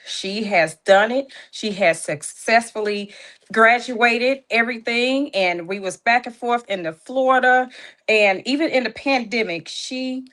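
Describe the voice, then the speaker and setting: A woman's voice: a little high, unhurried, a bit bright. A woman speaking as a proud mother, emotional and fighting back tears as she gives a heartfelt spoken tribute. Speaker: guest's mother giving an introduction.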